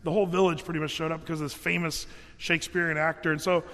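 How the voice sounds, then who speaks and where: A man preaching with a notably high voice, talking in a loose, conversational way full of fillers and restarts. His voice rings out with a long reverb, as though filling a large hall. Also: little pitch movement, very fast, fairly bright tone. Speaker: pastor. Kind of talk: sermon.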